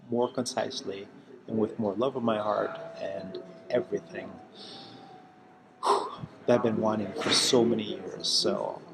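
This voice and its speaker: A man's voice: lowish voice, gravelly, background noise. A man talking earnestly and emphatically in a personal self-help vlog, repeating himself for emphasis. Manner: heartfelt, emphatic and repetitive.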